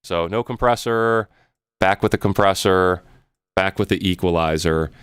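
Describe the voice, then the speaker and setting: A man's voice: low-pitched, moderate pace, a bit bright, smooth, no echo. Chatty male guitar teacher, close mic. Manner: chatty, rambling, many fillers. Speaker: music teacher. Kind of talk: live online lesson and Q&A. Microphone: close studio mic.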